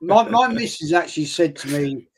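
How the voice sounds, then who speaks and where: A man's voice: a little high, expressive, moderate pace, a little hiss or hum. A man speaking as a guest on a live fan chat, telling a short story in a laid-back way.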